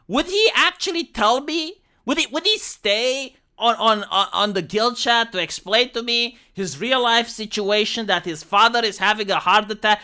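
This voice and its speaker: A streamer with a Romanian accent, ranting bluntly and with plenty of swearing in a casual livestream about leading raids. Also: mid-range voice. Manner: blunt, profane, animated ranting. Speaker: streamer and former raid leader.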